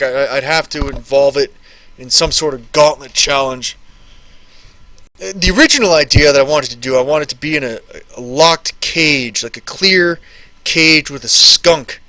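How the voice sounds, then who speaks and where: A man's voice: mid-range voice, moderate pace, sharp tone, dry recording. A man in his thirties casually chatting on a live stream, answering viewer questions and rambling and repeating phrases.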